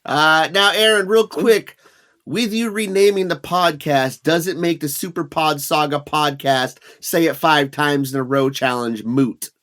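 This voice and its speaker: A man in his thirties co-hosting a podcast, telling a long story in a profane, animated way. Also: fairly high pitch, a little slow. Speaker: podcast co-host. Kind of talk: casual storytelling chat.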